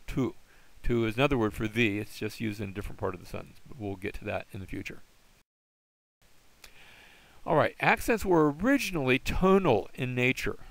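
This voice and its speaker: A man with a deeply gravelly, creaky voice explains Greek grammar in a relaxed, informal way. He often pauses, restarts and fills gaps with "uh" and "um." The sound is dry and close, with no room echo. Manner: casual, hesitant, many fillers and restarts. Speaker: Greek teacher. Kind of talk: informal recorded lesson.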